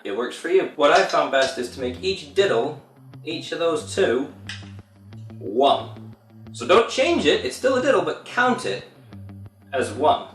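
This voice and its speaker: A man's voice: medium pitch, a bit bright, recorded from a distance. Chatty man teaching drums in a roomy space. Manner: chatty, counting patterns aloud. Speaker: drum teacher. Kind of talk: casual video lesson.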